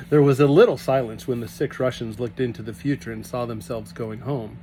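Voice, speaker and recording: A man reading a children's novel aloud to his family, animated and often laughing at the story. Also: mid-range voice, a little fast, few pauses, slight background noise. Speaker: reader.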